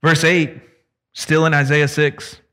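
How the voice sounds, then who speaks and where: Conversational male preacher, fairly high voice. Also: little pitch movement, takes it slowly, bright, forceful tone. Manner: conversational, emphatic, uses voices. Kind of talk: sermon.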